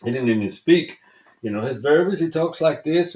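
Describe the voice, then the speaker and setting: A man's voice: on the high side, animated, moderate pace, a little mellow, poor audio. A man with a Southern US accent hosting a podcast, giving a casual book review in a rambling, emphatic way and swearing freely. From Southern United States. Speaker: podcast host.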